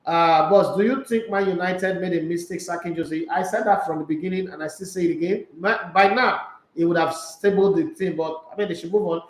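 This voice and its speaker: A man's voice: high-pitched, steady tone, a little fast, few pauses, reverberant, low-quality recording. A man with a Nigerian accent hosting a casual sports chat, slipping into Pidgin as he reads out viewer comments. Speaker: sports show host. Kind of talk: casual live-stream chat reading comments.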